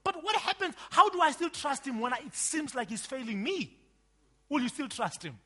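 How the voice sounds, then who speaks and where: Male preacher, bright high voice, lively emphatic delivery, sermon. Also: moderate pace. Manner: emphatic, swings from loud outbursts to quiet asides.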